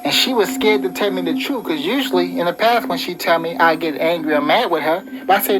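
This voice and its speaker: A man's voice: high voice, brisk, few pauses, poor audio. A man delivering a rambling, preachy relationship-advice monologue, full of "you know". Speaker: vlogger giving relationship advice. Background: background music.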